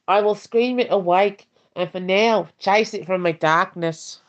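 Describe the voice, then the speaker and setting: A poetry reader with a put-on Australian accent, done by a woman in an ASMR stream. She reads in a slow, measured way at a middling pitch. The audio is dull and lo-fi. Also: sing-song. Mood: solemn. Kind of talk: ASMR poem reading.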